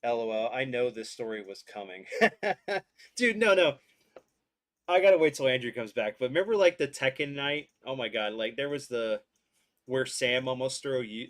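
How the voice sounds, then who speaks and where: A man's voice: medium pitch, normal speed. A man hosting a podcast livestream, chatting casually, greeting viewers and commenting on a game. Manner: relaxed, greets chat, laughs often.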